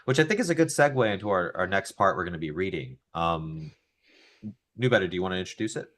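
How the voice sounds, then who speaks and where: A man's voice: low-pitched, expressive, fast, fairly bright tone. A man hosting a reading group chat, enthusiastic and encouraging as he leads to the next part.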